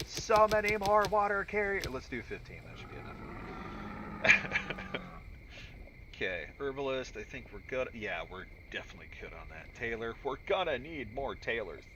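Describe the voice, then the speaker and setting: A man doing casual let's-play commentary, talking to himself with sudden shouts and mutters. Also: on the high side, noisy background. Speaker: gaming YouTuber.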